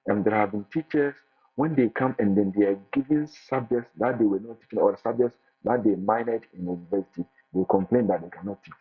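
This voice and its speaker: A man gives lively, casual advice, often repeating and restarting his words. His voice is low and husky. It comes through a thin, phone-like line with faint music behind it. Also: a little fast. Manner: animated, repeats words and restarts, acts out quotes. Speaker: international teacher sharing his experience.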